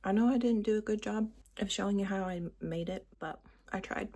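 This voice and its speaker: A woman's voice: mid-range voice, fairly even intonation, a little fast, vocal fry, mellow, breathy edge. A woman chatting casually through a home baking vlog, upbeat and self-deprecating about her first attempt. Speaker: vlogger. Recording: noisy home recording.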